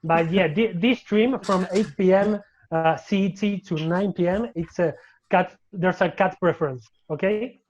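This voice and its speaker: A man's voice: high-pitched, a little slow, darkish tone, highs cut off. A man from Spain with a Spanish accent, speaking English as a second language, easygoing and a little hesitant on a video call. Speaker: guest maker.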